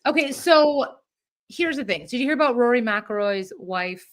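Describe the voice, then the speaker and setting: Chatty, animated woman podcast co-host. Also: a little high. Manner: chatty, animated, quick asides. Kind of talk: casual chat.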